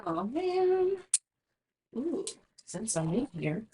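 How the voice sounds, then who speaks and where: A woman's voice: on the high side, sing-song, very slow, noisy background. A young woman streamer chatting casually to herself and her viewers, self-mocking and talkative. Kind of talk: casual chat while streaming.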